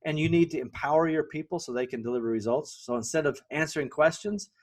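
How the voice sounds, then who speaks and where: A middle-aged man hosts a podcast, giving a solo business lesson in a conversational tone with a fairly high pitch and fast pace. He keeps checking in with the listener by asking "right?" and often corrects himself, using fillers and restarts.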